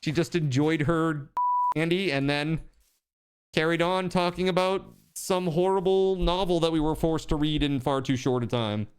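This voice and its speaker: A man's voice: fairly high pitch, fairly even intonation, normal speed, clean tone. A man streaming a video game, chatting casually with his chat, telling a story and laughing often. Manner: laughs often while telling stories, reads chat aloud.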